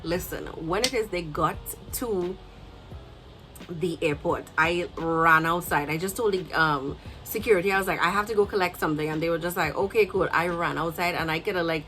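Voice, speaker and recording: A young Trinidadian woman vlogger telling a storytime, animated and emotional, acting out what people said to her. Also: on the low side, normal speed, faint music behind, low-quality recording. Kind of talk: storytime vlog.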